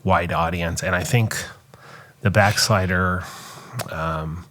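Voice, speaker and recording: A man, a pastor who is a guest on a podcast, speaking in a soft, affirming way that trails off quietly. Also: low voice, fairly even intonation, takes it slowly. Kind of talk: casual conversation.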